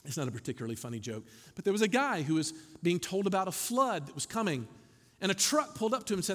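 A man preaching a sermon to his congregation as pastor, animated, with wry asides. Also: high voice, quick pace. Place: church sanctuary. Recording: long hall reverb.

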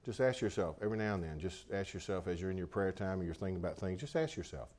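Male pastor, low-pitched, mid-sermon, casual delivery that doubles back on itself. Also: expressive, quick pace, darkish tone. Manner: conversational, repeats and restarts phrases.

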